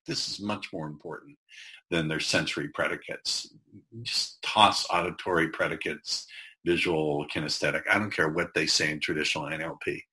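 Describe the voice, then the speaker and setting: A man teaching a recorded course on persuasion and rapport, chatty with jokey asides and a pace he speeds up and slows down for emphasis. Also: low voice, pushed and bright, rough recording. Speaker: sales and persuasion instructor.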